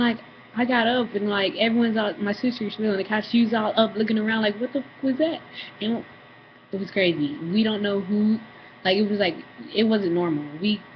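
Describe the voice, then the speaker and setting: A young woman talks straight to the camera in a loose, rambling vlog, stacking up fillers and acting out what her family said. Her voice sits at an ordinary pitch for a woman. It comes through a slightly dull, lo-fi home recording with a faint hiss underneath. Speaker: vlogger. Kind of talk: casual storytelling to camera.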